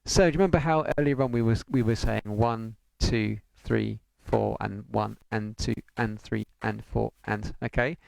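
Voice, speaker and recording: Patient male piano tutor, gravelly edge, counts rhythms aloud. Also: on the low side, fairly even intonation, normal speed, hardly any pauses, a little mellow, no echo. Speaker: piano teacher. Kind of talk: online music lesson.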